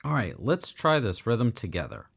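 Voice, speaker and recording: A man's voice: fairly low pitch, huge pitch swings, normal speed, gravelly, breathy edge. A man teaching a beginner piano lesson for children, upbeat and encouraging as he counts and sings along.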